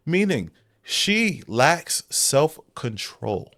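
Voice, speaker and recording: A man's voice: fairly high pitch, big pitch swings, slow, no echo, studio quality. A man giving blunt, incredulous commentary while reacting to a clip, his voice jumping up in disbelief. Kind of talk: casual commentary.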